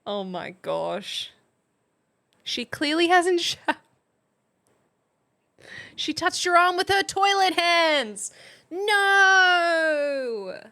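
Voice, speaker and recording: A woman's voice: very high voice, sing-song, extremely slow, pauses often, pushed and bright. A woman with a general Australian accent, hosting a mock classroom lesson on a live stream in a playful, chatty, teacherly way.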